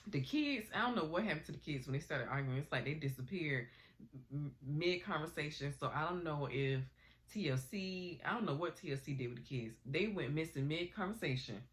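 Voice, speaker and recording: A woman with a low-sitting voice and fairly quick pace gives a gossipy vlog recap of a TV episode. Still getting over a cold, she retells it animatedly, using slang and acting out quotes.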